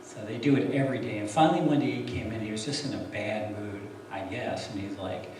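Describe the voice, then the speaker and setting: A man's voice: on the low side, brisk, noisy background. A man telling his own story in a casual, wry way. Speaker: speaker sharing his testimony. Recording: echoey room, distant mic.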